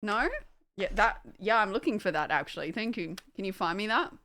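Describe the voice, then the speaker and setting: A woman's voice: medium pitch, brisk, pushed and bright. A young woman casually chatting on a livestream at home, distracted by her dogs, swearing and laughing.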